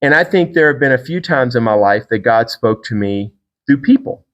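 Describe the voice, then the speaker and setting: A middle-aged man hosting a podcast, telling a personal faith story in a casual, animated way and acting out the people he quotes. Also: moderate pace, highs cut off. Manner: animated storyteller, acts out quotes with big pitch jumps. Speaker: podcast host.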